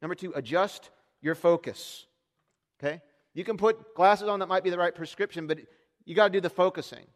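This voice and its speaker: A man in his thirties preaching a sermon as pastor, getting loud and high on quoted lines and dropping quiet for asides. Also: fairly quick. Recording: long reverb of a large hall.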